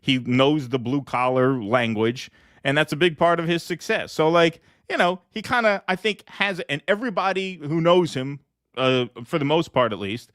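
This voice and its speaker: A male podcast co-host with a fairly high voice, joking loosely and laughing often. The sound is dry and close. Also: normal speed, a bit bright, no room sound. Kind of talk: casual political commentary.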